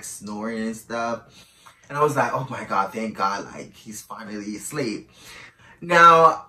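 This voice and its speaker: A man's voice: medium pitch, sharp tone, far from the mic. A man telling a candid personal story in a casual, chatty way, often calling the listener "girl", recorded in an echoey room a little away from the mic.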